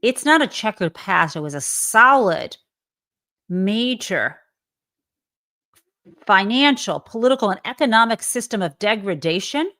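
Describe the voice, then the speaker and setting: A woman's voice: mid-range voice, animated, unhurried, long pauses, a bit bright. A woman hosting a live commentary show, talking with emphatic indignation and frequent fillers. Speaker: host.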